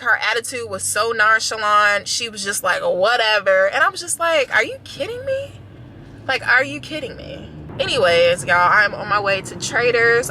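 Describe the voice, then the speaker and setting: A young woman who is a flight attendant and vlogger tells stories from her car in a casual vlog, filling them with lots of "like" and "y'all." Her voice is on the high side, bright and forceful. Recorded on a handheld camera, the audio is rough with a little hiss or hum.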